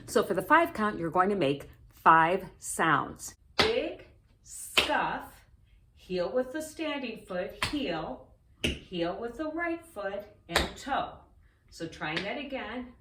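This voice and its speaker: A woman's voice: medium pitch, sing-song, takes it slowly, heavy background noise. A woman teaching tap dance in a step-by-step tutorial, counting out the steps in rhythm as she dances. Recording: roomy, distant camera audio with loud tapping. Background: tap shoe clicks.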